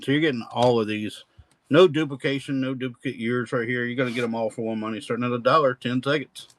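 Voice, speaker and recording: A man's voice: mid-range voice, steady tone, fast, rough recording. A man hosting a live-stream coin auction with folksy, rambling auctioneer patter.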